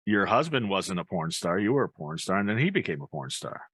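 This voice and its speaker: A man's voice: low voice, very animated, a little fast, a bit bright, husky, no echo. A man hosting a casual interview, joking and teasing his guest with stumbling restarts. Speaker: host.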